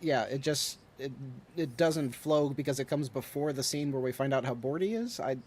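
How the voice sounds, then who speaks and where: A man's voice: medium pitch, moderate pace, darkish tone. A man co-hosting a show that breaks down a TV series, talking loosely and casually with lots of fillers. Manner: loose conversational, many fillers like "like". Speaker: podcast co-host. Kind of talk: casual discussion.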